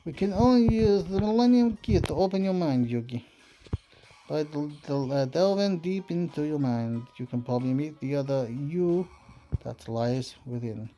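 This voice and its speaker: A man voicing a mysterious male mystic with a put-on foreign accent, reading slowly and hushed. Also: on the high side, expressive, faint music behind, close to an everyday voice. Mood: solemn.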